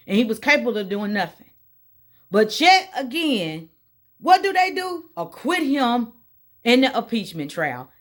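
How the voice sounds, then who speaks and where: A woman from Indiana, USA, speaks straight to her vlog audience with a slightly high voice. She rants in exasperation and circles back to the same complaints. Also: fairly bright tone. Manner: exasperated ranting, repeats points. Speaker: vlogger. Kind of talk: casual opinion vlog.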